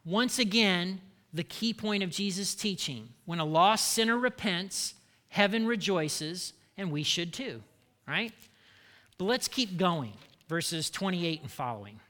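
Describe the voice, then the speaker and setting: Male pastor, sermon delivery, high voice, asks the room questions. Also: lively intonation, a little slow, bright, forceful tone, big-room sound. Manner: rhetorical questions to the congregation.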